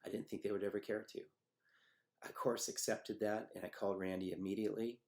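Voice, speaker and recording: A middle-aged man telling a personal memory in a halting, reflective way, with many pauses and fillers. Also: on the low side, fairly even intonation, gravelly, darkish tone. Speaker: storyteller recounting a personal memory. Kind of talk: personal testimony.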